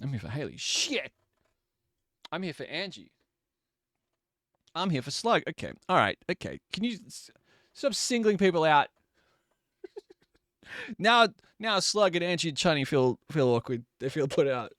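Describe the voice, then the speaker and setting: A man's voice: on the high side, sing-song, measured pace, long pauses, a bit bright, dry recording, studio quality. A man live-streaming from his desk at home, chatting casually, joking, laughing and swearing while he bakes.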